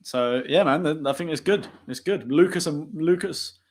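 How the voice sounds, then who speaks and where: A young man hosting a casual post-match football chat on a live stream, talking fast and laughing often. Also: a little high. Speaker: host.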